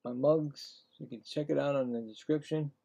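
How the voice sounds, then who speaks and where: A man's voice: on the high side, fairly even intonation, normal speed, vocal fry, lo-fi sound. A man streaming casual live play-by-play commentary, tired and yawning, chatting in rambling asides between calls. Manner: livelier and louder on the calls.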